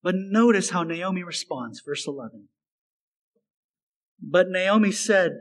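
A man's voice: sits high, animated, unhurried, long pauses, rough recording. A man preaching a sermon as a pastor, earnest and emphatic, repeating phrases for stress.

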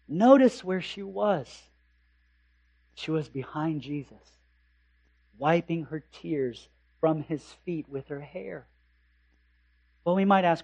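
A man preaching a sermon as pastor, impassioned, rising to loud emphasis and dropping to hushed tones, with rhetorical questions. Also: high voice. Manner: slow, deliberate delivery with rhetorical questions.

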